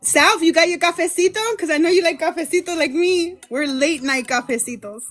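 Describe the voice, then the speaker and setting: A woman's voice: extremely high pitch, a little fast, a bit bright, faint music behind. A woman hosting a tarot livestream, chatting in a bubbly way, greeting viewers by name and mixing in Spanish words. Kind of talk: casual livestream chat. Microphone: phone livestream.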